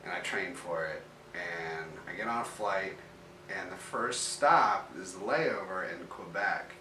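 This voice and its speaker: A man's voice: low-pitched, unhurried, sharp tone, a little hiss or hum. A man telling a personal story in a casual, rambling way, full of "like" fillers and restarts. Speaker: interviewee telling his story. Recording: roomy echo, mic at a distance.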